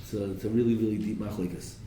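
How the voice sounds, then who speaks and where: A man's voice: on the low side, level tone, fast, dark tone, distant mic. A man teaching a live Torah class, quoting verses in Hebrew, translating them and quizzing his students, with a joke here and there. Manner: slips in jokes. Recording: echoey room with faint noise.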